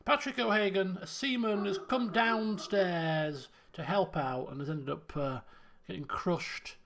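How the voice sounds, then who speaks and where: A man's voice: high-pitched, a little slow, crowd noise. A man giving casual live-stream commentary while playing a game, chatting and thinking aloud as he works through puzzles.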